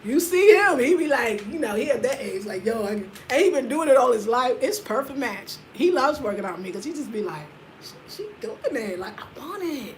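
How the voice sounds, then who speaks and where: A woman in her fifties chatting casually to her viewers, energetic and slangy, swinging from loud laughing bursts to low murmurs. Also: a little fast, slight background noise, low-quality recording. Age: 50s. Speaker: vlogger. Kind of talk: casual chat to camera.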